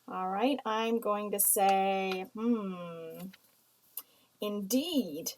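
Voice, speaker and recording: A woman from the United States teaching a writing lesson, explaining slowly and reading example sentences aloud. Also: mid-range voice, a little mellow, poor audio.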